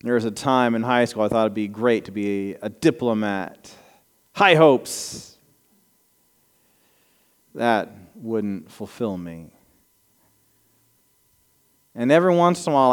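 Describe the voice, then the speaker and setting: A man's voice: mid-range voice, clean tone. A man in his thirties preaching a sermon to a congregation, telling personal stories in a conversational, self-deprecating way with a slight Southern American accent. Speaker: pastor. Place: church sanctuary before a congregation. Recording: long reverb of a large hall.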